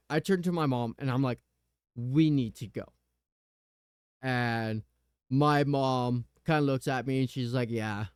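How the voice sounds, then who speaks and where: A man hosting a podcast, telling a personal story in a casual, animated way with the odd curse word. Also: mid-range voice, smooth, no room sound, clean studio sound. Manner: animated retelling, swearing. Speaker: podcast host.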